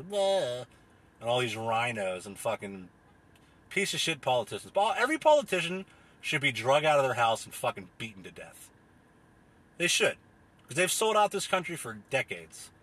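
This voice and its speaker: A husky-voiced man on a furious, expletive-laden rant. His pitch swings widely as he jabs at his points, repeating them for emphasis. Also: fairly bright tone. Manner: angry, heavy swearing, repetitive emphatic phrasing. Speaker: podcast host. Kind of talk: profane ranting monologue.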